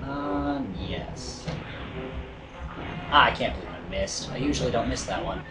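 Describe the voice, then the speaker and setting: A man's voice: medium pitch, measured pace. A man hosting a let's play, commenting casually and rambling with fillers. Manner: chatty, rambling, hesitant with many fillers. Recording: echoey room with game music.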